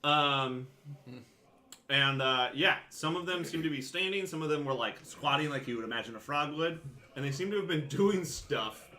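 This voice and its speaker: A man's voice: fairly high pitch, moderate pace, pushed and bright. A man acting as game master, describing a scene casually and laughing often. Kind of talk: narrating a tabletop game.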